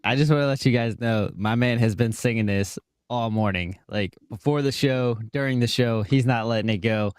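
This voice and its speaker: A man co-hosting a live stream, reading out chat names with laid-back, laughing shout-outs. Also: mid-range voice, normal speed, clear, resonant tone, no echo, studio quality. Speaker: co-host.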